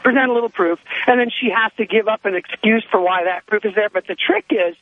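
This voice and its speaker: A man's voice: sits high, fairly quick, no room sound. A man calling in to a radio show, telling a long story with many ums and restarts over a phone line. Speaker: caller. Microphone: telephone.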